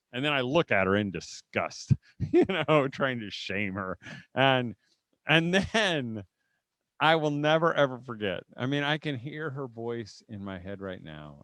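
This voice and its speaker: Giving a lighthearted parenting talk to a live audience, a middle-aged conference speaker from Indiana shares folksy stories, often chuckles and acts out family scenes. His mid-range voice is a bit bright, with no echo.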